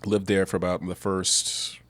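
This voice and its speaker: A man talks as a podcast guest in a loose, rambling way and laughs often. His voice sits somewhat low. The recording is dry and close. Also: flat delivery, unhurried, fairly bright tone, dry recording. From Massachusetts. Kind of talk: casual chat.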